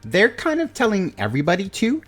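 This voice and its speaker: A man narrating a tabletop game as game master, in a deliberate way with plenty of fillers. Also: high voice, huge pitch swings, a bit bright, breathy edge, faint music behind.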